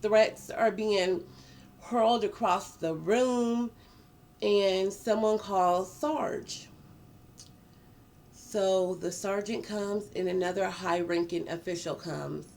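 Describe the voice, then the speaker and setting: A woman telling a personal story in a casual storytime vlog, animated and profane, dragging out words for emphasis. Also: medium pitch. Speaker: vlogger.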